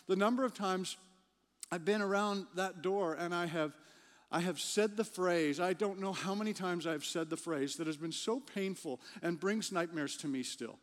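A man's voice: high-pitched, normal speed. A man preaching a sermon as a pastor, conversational, repeating words as he builds a point. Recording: long hall reverb.

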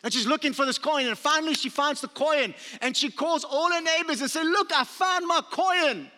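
A man's voice: extremely high pitch, fairly quick. A man pastor preaching a sermon, telling stories and acting out the quotes with animation. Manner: storytelling, animated with acted-out quotes. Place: church sanctuary. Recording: long reverb of a large hall.

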